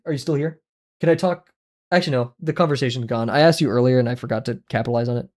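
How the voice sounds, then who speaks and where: A young man chats with his viewers while he draws on a livestream. He rambles from topic to topic and often breaks into laughter. His voice sits in an ordinary middle pitch, but it bounces up whenever he gets excited. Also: fast talker. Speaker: art livestreamer. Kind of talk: casual chat with viewers while drawing.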